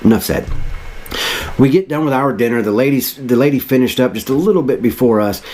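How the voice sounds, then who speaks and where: A man's voice: medium pitch, brisk, darkish tone. A man in his thirties telling a personal story in an earnest, reflective way, rambling and restarting as he goes. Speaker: motivational vlogger.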